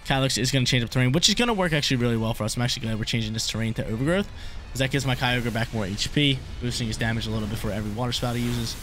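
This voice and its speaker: A man's voice: mid-range voice, racing, fairly bright tone. A young man thinking aloud as he commentates his own game, casual and full of slang, often repeating his lines. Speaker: gaming YouTuber. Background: game music.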